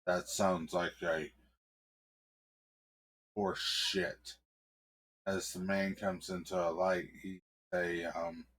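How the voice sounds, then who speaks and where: Slow, deep-voiced male storyteller. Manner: casual, halting, full of ums. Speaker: streamer and storyteller. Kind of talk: improvised storytelling.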